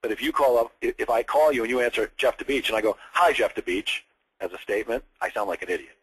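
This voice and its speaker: A man's voice: mid-range voice, rapid-fire, husky, low-quality recording. A man coaching a student on phone sales scripts, explaining step by step with direct examples. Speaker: sales trainer.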